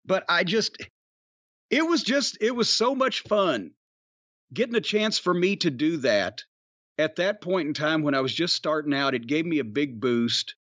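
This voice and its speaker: A man's voice: on the high side, a little slow, no room sound, highs cut off. A man, a former pro wrestler, telling rambling, profane stories in casual chat. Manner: rambling, profane, animated storytelling.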